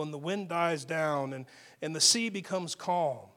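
With a voice on the high side and no rush, a pastor preaches conversationally and personally. He often starts over, and his loudness rises and falls without warning.

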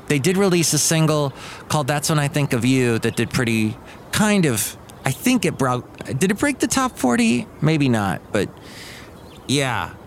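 A man hosts a podcast in a loose, chatty monologue. He drifts from one thought to the next, trailing off and correcting himself. A faint hum sits behind his voice. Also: medium pitch. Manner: digressive, trailing off and self-correcting. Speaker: podcast host. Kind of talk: casual rambling monologue.

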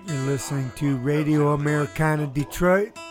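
A man's voice: fairly high pitch, normal speed, over music. A man hosting a casual radio chat, joking and laughing easily. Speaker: radio host.

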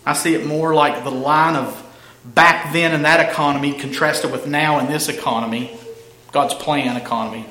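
Bright-voiced man preaching in an echoey room. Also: a little high, fairly even intonation. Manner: emphatic, stretches key phrases slowly. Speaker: pastor. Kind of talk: expository sermon. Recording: echoey room with faint ambience.

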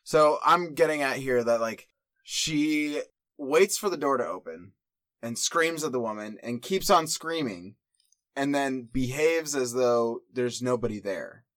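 A man co-hosting a comedy podcast, recorded close and dry with no room sound. He tells stories in a casual, animated way, acting out the scenes as he goes. His pitch sits in an ordinary middle range for a man. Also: measured pace, no echo. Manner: animated storyteller, acts out scenes. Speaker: podcast co-host.

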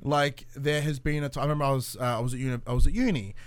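A man's voice: medium pitch, fairly even intonation, very fast. A man from Australia with an Australian accent, chatting on a podcast, telling stories and swearing casually. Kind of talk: casual roundtable chat.

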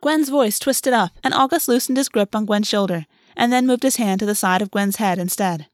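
A woman's voice: mid-range voice, a little fast, no room sound. Woman reading fiction aloud, dry sound. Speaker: audiobook narrator. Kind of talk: scripted narration.

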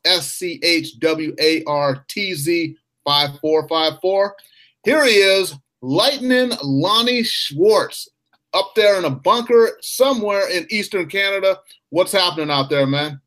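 A man's voice: a little high, a bit bright. A man hosting a hockey podcast, introducing his guest with showman-like enthusiasm. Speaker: host. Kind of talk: sports podcast chat.

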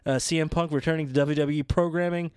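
A man co-hosting a casual chat about wrestling, excitable and rambling, often laughing as he talks. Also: on the high side, fast, clear, resonant tone, dry recording, studio quality. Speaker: podcast co-host.

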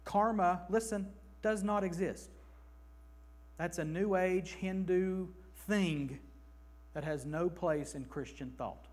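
A man in his thirties preaching an emphatic, animated sermon in a church, slipping into mock voices. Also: sits high, takes it slowly. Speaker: pastor.

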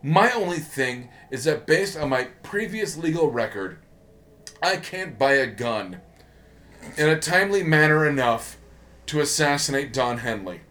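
A man's voice: fairly high pitch, animated, a little slow, a bit bright. A man co-hosting a podcast, ranting sarcastically in casual talk, getting worked up and swearing. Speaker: podcast co-host. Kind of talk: casual comedic rant.

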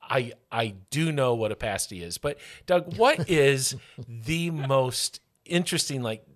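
A man from Michigan hosting a casual podcast, playful and jokey, with bursts of loud excitement. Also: medium pitch, a little slow. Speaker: podcast host.

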